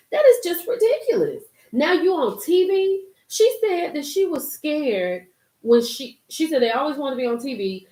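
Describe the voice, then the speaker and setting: A woman hosting a casual live-stream commentary, emphatic and animated, reading and reacting to viewer comments. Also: fairly high pitch. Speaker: YouTube commentary host. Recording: roomy echo.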